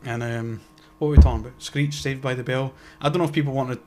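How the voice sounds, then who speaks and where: A young podcast co-host chats casually in a laid-back show, rambling through his thoughts with lots of fillers and offhand swearing. His mid-pitched voice is steady and mellow, and he talks fast.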